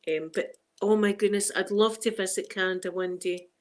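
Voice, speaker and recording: Glaswegian woman, middle-aged, chatty livestream host, quick laughs, broad Scots phrasing. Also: mid-range voice, fairly even intonation. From Scotland. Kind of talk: casual chat with viewers.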